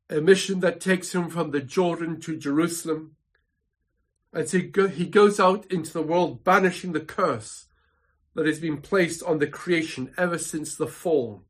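A man preaching a sermon from his home study, measured and emphatic, building points through dramatic repetition. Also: a little high, breathy edge. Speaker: pastor.

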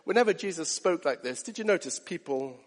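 A man preaching a sermon, earnest, moving from hushed asides up to rising emphatic peaks. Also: fairly high pitch, animated, a little fast, in a large hall.

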